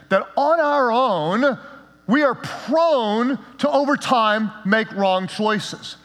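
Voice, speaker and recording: Guy pastor preaching, pretty high voice, punchy and a bit jokey, big church echo. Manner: energetic and emphatic, with a light joking touch. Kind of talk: sermon. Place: church sanctuary. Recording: long reverb of a large hall.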